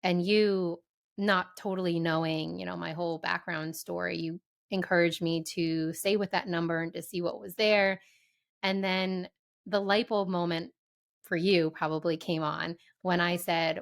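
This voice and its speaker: A woman's voice: on the low side, steady tone, vocal fry. A woman podcast host telling her own story in a casual chat, earnest and candid. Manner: earnest and candid, quick asides.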